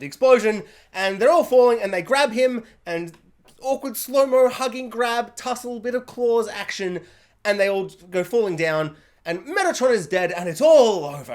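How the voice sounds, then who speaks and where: A man casually ranting through a review of a show, jokey and animated, acting out scenes in silly voices. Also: very high voice. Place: hot room at home.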